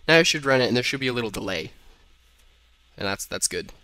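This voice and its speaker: A man's voice: mid-range voice, lively intonation, fast talker, pushed and bright, no room sound. Give me a young man talking casually through a coding tutorial, with a dry close recording and keyboard typing behind him. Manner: casual, thinks aloud while typing, self-corrects. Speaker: programming tutor.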